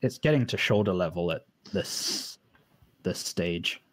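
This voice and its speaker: A man narrating as dungeon master, in a relaxed, rambling way with many restarts, recorded at home for a live stream. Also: deep voice, measured pace. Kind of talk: narrating a tabletop game. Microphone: home mic on a live stream.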